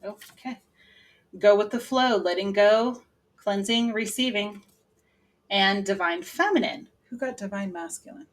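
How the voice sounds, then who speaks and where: A woman giving a casual, lively tarot reading to her viewers, laughing often and breaking into loud exclamations. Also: mid-range voice, unhurried. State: sweating from channeling. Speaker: tarot reader.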